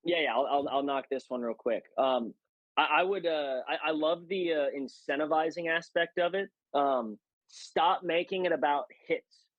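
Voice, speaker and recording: A man's voice: a little high, moderate pace, no room sound, muffled recording. A man speaking as a guest hitting coach, emphatic and coach-like, with many restarts. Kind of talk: casual conversational interview.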